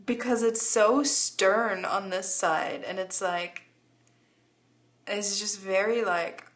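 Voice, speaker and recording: Young woman, tarot reader; unhurried, chatty, giggly, heavy on fillers. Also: medium pitch, a bit bright. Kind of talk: casual tarot reading.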